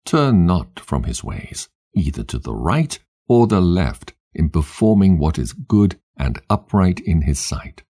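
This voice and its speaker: A man voices a dying old patriarch who gives his sons a grave last charge. The voice is deep, dark and husky. The reading is unhurried and solemn, a storybook scripture reading. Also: sing-song, exaggerated voice. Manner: solemn, measured exhortation.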